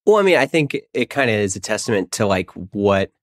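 A man's voice: on the low side, very animated, brisk, no room sound, clean studio sound. A man hosting a podcast, introducing his guest and chatting in an easygoing, riffing way. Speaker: podcast host. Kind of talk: podcast interview.

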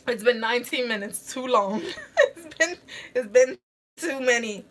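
A young woman with a higher voice chats in a relaxed, unhurried way during a face-mask session, breaking into giggles often. She talks about a movie and answers comments from her chat, and her speech is loose and full of fillers. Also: slight background noise. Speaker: beauty vlogger. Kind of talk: casual chat while wearing a face mask.

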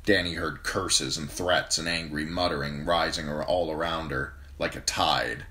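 Low-voiced male hobby reader, steady fantasy narration. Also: normal speed. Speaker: amateur audiobook reader. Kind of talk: reading a fantasy novel aloud.

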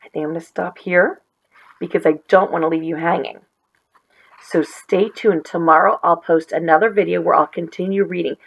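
Gravelly-voiced woman reading a story. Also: on the low side, moderate pace, low-quality recording. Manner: gentle, expressive storytelling. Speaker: teacher reading aloud. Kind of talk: children's read-aloud.

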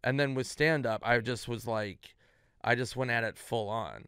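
A man from Minnesota chats as a podcast guest, spinning stories and jumping into other voices for the quotes. His voice is smooth and resonant, sits at a middle pitch, and is recorded dry and close. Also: moderate pace, dry recording. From Minnesota, USA. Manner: animated storyteller who acts out quotes in varied voices. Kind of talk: casual storytelling chat.

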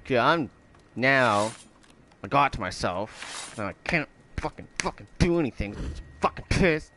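A man's voice: medium pitch, expressive, a little slow, noisy background. Foul-mouthed man raging at a video game. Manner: profane, swears constantly at the game; explodes into shouting when frustrated. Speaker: gamer. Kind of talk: raging gameplay commentary.

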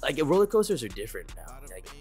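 A man's voice: mid-range voice, wildly swooping pitch, fast, darkish tone, slightly rough, soft background music. A young man in his twenties chatting on a livestream, laid-back and swearing a lot as he reacts to chat. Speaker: streamer.

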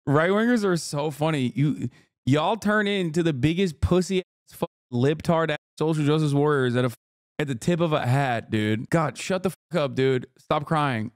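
A man's voice: a little high, moderate pace, no room sound, studio quality. A man hosting a livestream in casual chat, ranting in a brash, mocking, profane way. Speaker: livestream host.

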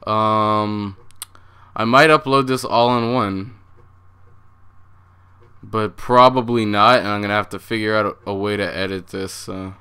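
A man's voice: on the low side, steady tone, measured pace, pauses often, sharp tone, smooth. A young man hosting a horror game playthrough, jumpy and swearing a lot as he talks to his viewers. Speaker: gaming channel host.

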